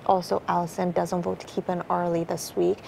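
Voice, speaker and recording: A woman's voice: on the low side, little pitch movement, fairly quick, gravelly, darkish tone, a little hiss or hum, rough recording. A young woman talking strategy in a casual, rambling way, full of fillers and swearing. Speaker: reality show contestant.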